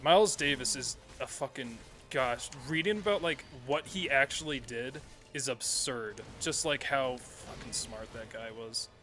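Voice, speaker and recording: A man streams a video game with casual live commentary, rambling, correcting himself and swearing often. His medium-pitched voice is bright and forceful, a little slow, with soft music in the background.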